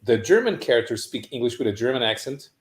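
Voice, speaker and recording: A man's voice: medium pitch, big pitch swings, quick pace, reverberant. A man on a casual talk podcast, explaining things at length with frequent restarts. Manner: long explanations with many restarts. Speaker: podcast panelist. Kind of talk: casual chat.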